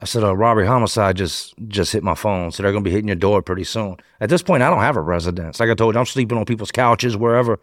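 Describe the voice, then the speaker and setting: A man telling a first-person story as a podcast guest, animated and slangy, acting out other people's lines as he goes. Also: on the low side, fast talker, hardly any pauses, no echo, clean studio sound. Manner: animated storyteller, slangy, acts out quoted voices.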